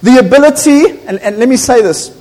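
A man's voice: very high voice, lively intonation, fairly quick, mellow. A man, a pastor preaching an impassioned, emphatic sermon in a church. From South Africa. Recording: echoey church hall.

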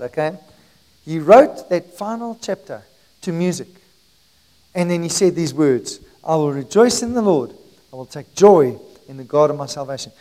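High-voiced man preaching a sermon. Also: lively intonation, dark tone, poor audio. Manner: emphatic preaching with swells in volume and slowed phrases. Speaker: pastor.

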